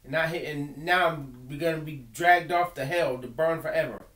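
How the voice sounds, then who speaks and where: A man's voice: fairly high pitch, moderate pace, fairly bright tone, echoey room. A man giving an earnest personal monologue, emphatic and full of repeated words and restarts. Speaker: video blogger.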